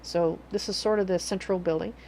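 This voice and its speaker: A woman's voice: fairly low pitch, fairly even intonation, a little fast, gravelly, a little mellow, slight background noise. A woman streaming a game live, chatting casually and rambling with self-corrections. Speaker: livestreamer. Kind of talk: casual livestream commentary.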